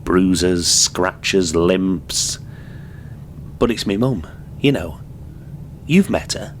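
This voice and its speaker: A man playing a grown son who recounts his childhood in a halting, subdued way. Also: sits low, animated, a little hiss or hum, full character voice. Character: weary grown son of abused mother.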